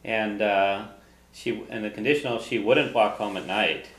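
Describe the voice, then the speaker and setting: A man teaching a language class, patiently drilling phrases slowly so students can repeat them. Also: lowish voice, fairly even intonation, a bit bright, reverberant, poor audio.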